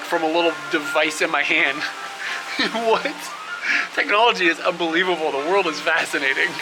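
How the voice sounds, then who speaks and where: A young man talking casually to his camera outdoors, rambling with fillers and laughing often. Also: on the high side. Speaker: travel vlogger. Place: outdoors by roads and rest stops. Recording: outdoor camera audio with clear traffic noise.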